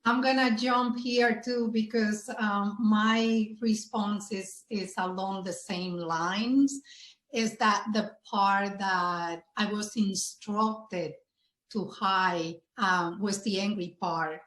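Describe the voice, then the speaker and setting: A woman panel guest speaking in an unhurried way, pausing on fillers. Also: medium pitch, steady tone, a bit bright, reverberant. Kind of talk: candid conversation.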